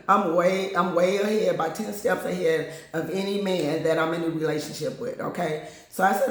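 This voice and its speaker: Speaking in a lowish, steady voice at a moderate pace, a channel host tells her own story with blunt candor. She addresses the listener casually and plainly, slipping into other people's voices to act out their lines. The very echoey room makes her voice ring.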